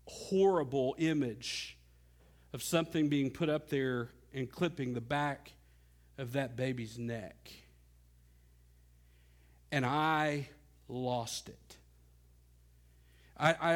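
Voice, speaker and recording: A middle-aged male pastor preaching a sermon earnestly, swinging between soft low passages and loud climbing ones.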